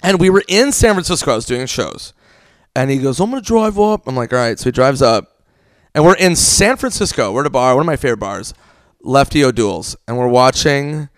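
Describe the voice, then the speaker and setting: A man's voice: medium pitch, animated, brisk, dry recording, studio quality. A man telling stories in a casual podcast chat, swearing freely and rambling. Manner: profane, rambling storyteller.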